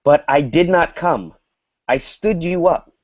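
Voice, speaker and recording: A man teaching an English lesson to a small group, explaining slowly and patiently and acting out example dialogues. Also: a little high, animated. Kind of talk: online group language lesson. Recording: dull lo-fi audio.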